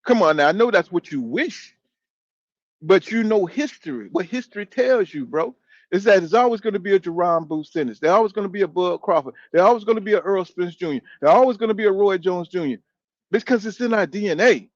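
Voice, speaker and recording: A man's voice: sits high, expressive, fairly quick, dry recording, lo-fi sound. A man in his fifties hosting a boxing channel, chatting loosely and profanely while reading out viewer comments. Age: 50s. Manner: loose, profane, talks back to chat. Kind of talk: casual live-stream chat reading comments.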